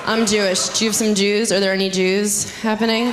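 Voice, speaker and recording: Young female stand-up, mid-pitch, chatty and crowd-teasing, stage mic over loud room noise. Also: flat delivery, brisk. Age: young adult. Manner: chatty, teasing the crowd, sudden high squeals in bits. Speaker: stand-up comedian. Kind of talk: stand-up comedy set. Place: comedy club stage. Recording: loud background noise from audience.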